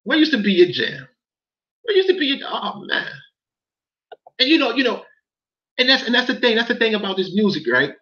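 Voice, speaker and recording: Heated, animated man on a livestream. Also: high voice, fairly quick, long pauses, dull audio. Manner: heated, profane, repeats phrases, talks to chat. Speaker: livestream commentator. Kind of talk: casual livestream rant.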